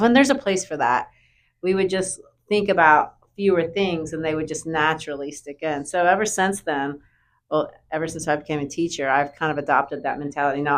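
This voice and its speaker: A woman who teaches high school English, talking casually and animatedly in an interview. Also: a little hiss or hum.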